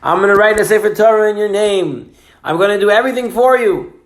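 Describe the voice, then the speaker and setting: A man's voice: high voice, quick pace. A man voicing a dutiful eldest son who makes grand, reassuring promises to his father. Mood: eager. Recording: roomy echo.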